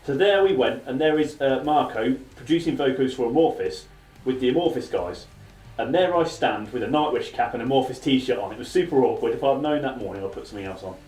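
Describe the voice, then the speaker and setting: Fast-talking man, roomy distant sound. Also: mid-range voice, animated, a little mellow. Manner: fast, chatty, self-mocking anecdotes. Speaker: podcast host. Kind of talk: casual storytelling chat.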